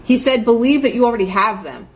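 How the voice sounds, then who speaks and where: A woman's voice: a little high, expressive, quick pace. Chatty earnest woman, faint hiss. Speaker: host. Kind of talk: casual motivational talk.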